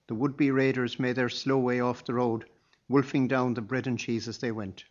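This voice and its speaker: A man narrating an audiobook chapter in a measured, even storytelling manner. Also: mid-range voice. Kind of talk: scripted narration. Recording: dull lo-fi sound.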